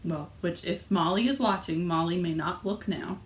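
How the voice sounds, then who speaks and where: A woman's voice: fairly low pitch, normal speed. Bubbly woman co-host, echoey room. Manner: bubbly, jokey, laughs often. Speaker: podcast co-host. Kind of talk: casual chat. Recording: echoey room with faint ambience.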